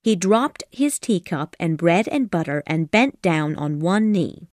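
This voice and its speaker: A woman narrating an abridged classic storybook audiobook in a calm, measured reading. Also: lowish voice, no echo, clean studio sound.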